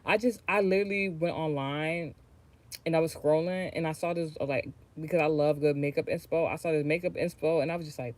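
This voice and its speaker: A woman's voice: low-pitched, steady tone, fast. A woman from the United States talking casually on a livestream as a tarot reader, rambling and swearing freely. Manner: rambling, profane, chatty, often trailing off and restarting.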